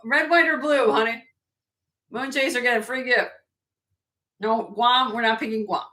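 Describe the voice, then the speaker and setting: A woman hosting a live jewelry sale stream in casual chat, laughing often and a little hoarse from losing her voice. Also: a little high, moderate pace, pushed and bright. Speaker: host and jewelry seller.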